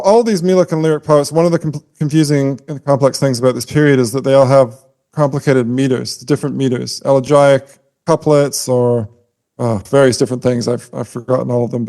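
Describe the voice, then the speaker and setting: A man talks through classical verse forms in a relaxed, explanatory podcast chat. His voice is mellow and dark, sitting at an ordinary pitch. He now and then sounds out rhythms with his voice to make a point. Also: normal speed. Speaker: podcast co-host. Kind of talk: casual scholarly discussion.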